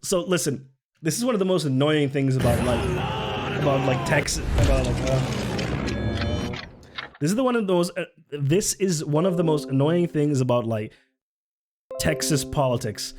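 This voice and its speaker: A man's voice: fairly high pitch, lively intonation, normal speed, pauses often, over loud music. A man streaming live, reacting to videos with sarcastic, swear-laden commentary and frequent laughs, close to the mic.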